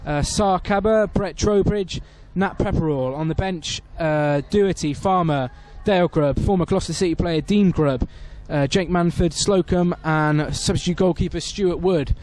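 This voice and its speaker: Male club radio commentator with a high voice, lots of hesitations, loud at big chances. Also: normal speed, few pauses. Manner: reads team sheets with many fillers, rises sharply at big moments. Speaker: football match commentator. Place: outdoor football stadium.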